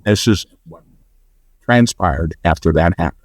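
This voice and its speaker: Podcast guest, male, low-pitched, rambling storyteller, dry close sound. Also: unhurried, no echo. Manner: rambling, animated when quoting others. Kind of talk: conversational storytelling.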